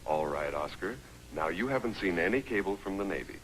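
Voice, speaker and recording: A wry, take-charge army sergeant. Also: male voice, low-pitched, expressive, a bit bright, a little hiss or hum, rough recording. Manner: dry, commanding, quick-witted. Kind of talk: 1950s film comedy acting.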